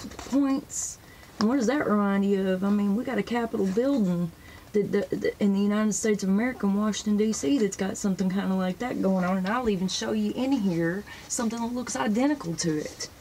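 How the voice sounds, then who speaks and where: Woman host, gravelly voice, casual and rambling, eager to show pictures from her books. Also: medium pitch, fast talker, a little mellow, slight background noise, rough recording. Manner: sprinkles praise phrases into talk. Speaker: religious video host. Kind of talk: casual show-and-tell talk to camera.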